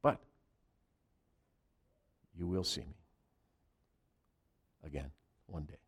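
A man voicing a gentle risen figure, speaking softly and reassuringly to frightened followers in a sermon. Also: rumbling low, slow pace, husky, voice pushed down, heavily acted. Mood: tender. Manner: soft, hushed and reassuring.

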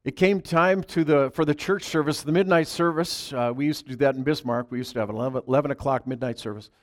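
A man telling a Christmas Eve story as a preacher, in a soft, halting way that drops to a hush. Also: medium pitch.

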